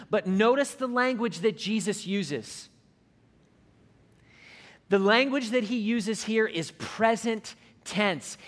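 A high-pitched man delivering a sermon from the pulpit. He reads scripture and hymn lines slowly and softly, then lifts his voice as he builds toward a climax. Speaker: pastor.

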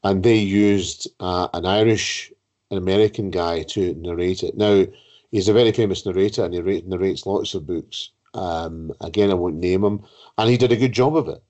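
A man's voice: low-pitched, normal speed, a little mellow. A man telling a rambling anecdote as a podcast host, often repeating words as he searches for them. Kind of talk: conversational anecdote. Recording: dull lo-fi sound.

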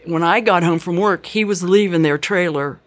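A woman's voice: on the low side, normal speed. Older woman telling her life story. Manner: earnest, chatty storytelling with quoted dialogue. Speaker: interviewee.

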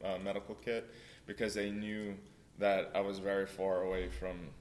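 A man's voice: low-pitched, flat delivery, normal speed, darkish tone. A young man from Louisiana telling a story in casual conversation, full of fillers and bursts of laughter.

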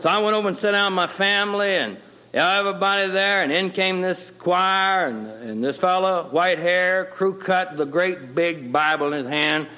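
Middle-aged guy telling his church story, folksy and plain, bright forceful voice. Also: high voice, normal speed, lo-fi sound. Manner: folksy, plain-spoken storyteller with colloquial grammar. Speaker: guest telling his testimony. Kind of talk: personal testimony storytelling.

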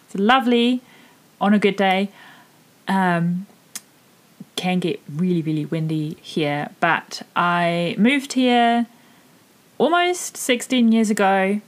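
A woman's voice: mid-range voice, takes it slowly, long pauses. A woman in her thirties from Germany with a New Zealand accent, hosting her own podcast in a candid, chatty monologue full of fillers. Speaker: podcast host and mindset coach. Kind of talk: casual solo podcast monologue.

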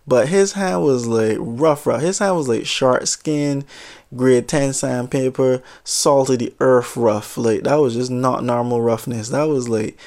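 A man telling a comic story in casual talk, animated and exaggerating, with some swearing. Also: mid-range voice, a little slow.

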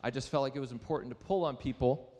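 In a church sanctuary with a long reverb tail, a young pastor talks fast in a mid-range, darkish voice. His sermon is conversational, centered on a personal story in which he pokes fun at himself while asking the audience questions.

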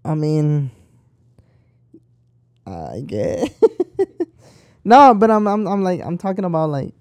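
A man's voice: high voice, sing-song, slow, darkish tone, no echo. A young man chatting casually, rambling and swearing freely as he tells stories. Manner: rambling, profane and talkative. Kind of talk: casual chat.

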